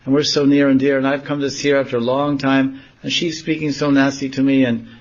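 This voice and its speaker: A man's voice: mid-range voice, flat delivery, brisk, muffled recording, pitched above the performer's own voice, lightly acted. A man voicing a young woman who throws a crying tantrum on the floor, wailing and sobbing.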